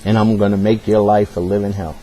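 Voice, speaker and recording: A cold, spiteful bride speaks in a flat, dismissive tone, quoted by a man who keeps his own voice. Her words come out blunt and unmoved. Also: on the low side, brisk, slight background noise, voice pushed down, natural voice, rough recording. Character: cold, spiteful new bride, adult woman.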